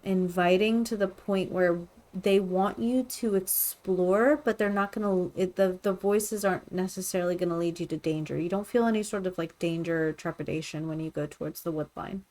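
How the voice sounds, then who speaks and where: A woman's voice: on the low side, steady tone, moderate pace, few pauses, a little mellow. A woman narrating as game master of a tabletop game, hesitant, with frequent ums.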